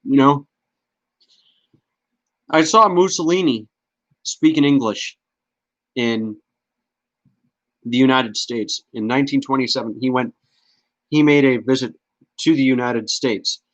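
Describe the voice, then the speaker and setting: A man's voice: medium pitch, unhurried, pauses often, dry recording. A man hosting a casual podcast, talking bluntly with swearing and stammered restarts. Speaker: podcast host. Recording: dull lo-fi audio.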